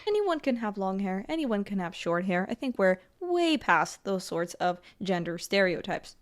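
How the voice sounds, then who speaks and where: A woman's voice: medium pitch, sing-song, moderate pace. A woman commenting on video clips in a sarcastic, mocking way. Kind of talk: casual reaction commentary.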